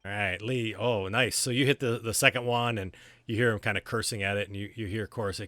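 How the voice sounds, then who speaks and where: A man's voice: lowish voice, fairly even intonation, brisk, pushed and bright, no room sound, studio quality. A man running a tabletop game as game master, narrating in an easygoing way with lots of fillers and restarts.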